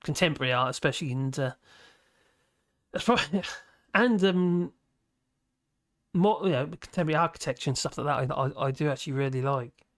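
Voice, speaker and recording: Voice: medium pitch, brisk, long pauses, no room sound, studio quality. A livestream host, chatting casually and reading viewer comments in a rambling way, with many restarts and fillers. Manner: laughs often between remarks.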